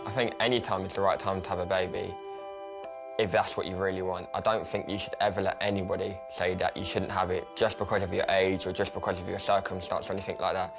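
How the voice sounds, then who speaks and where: A man's voice: deep voice, little pitch movement, creaky. A young man, an expectant father, talking and bantering jokily in a documentary interview. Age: young adult. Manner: joking, quick banter. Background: background music.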